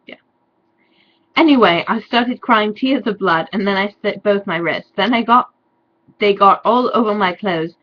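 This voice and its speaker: A woman's voice: medium pitch, dull audio. A young woman doing a comedic dramatic reading of fan fiction, with sarcastic, mock-despairing asides.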